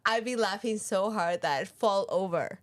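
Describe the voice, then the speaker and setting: A woman's voice: medium pitch, moderate pace. Woman, 30s, podcast co-host, casual and playful, laughs a lot. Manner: giggly, laughs often, teasing. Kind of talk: casual chat.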